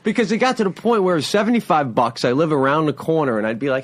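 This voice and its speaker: A man's voice: on the high side, animated, quick pace. A man who is a guest comedian on a podcast, telling easygoing stories about old clubs in casual chat. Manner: easygoing, reminiscing storyteller.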